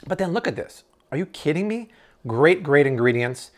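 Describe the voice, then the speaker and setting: A man's voice: a little high, animated, normal speed. A man in an enthusiastic grocery haul review, exclaiming and tasting products on camera. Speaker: food vlogger.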